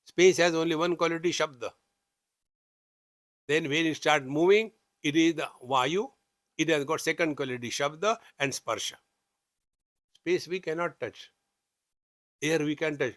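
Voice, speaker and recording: A man's voice: a little high, measured pace, pauses often, a bit bright, no room sound, studio quality. A man with an Indian English accent teaching scripture, chanting Sanskrit verses and explaining them with humor. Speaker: spiritual teacher. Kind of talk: scripture discourse.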